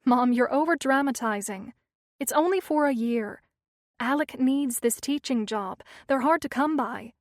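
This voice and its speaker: A young devoted mother, firm and a little weary, holds her ground in a defensive tone, as a woman narrator voices her. The voice sits somewhat high, and the audiobook recording is dry and close. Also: a little slow, no echo. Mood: insistent.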